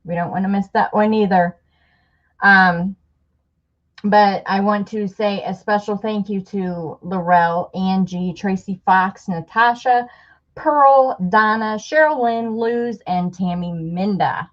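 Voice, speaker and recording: A middle-aged woman hosting a casual livestream chat with viewers, speaking in a heartfelt, halting way, on the edge of tears. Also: mid-range voice. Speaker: livestream host. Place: home room with a table of craft supplies. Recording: dull lo-fi livestream audio.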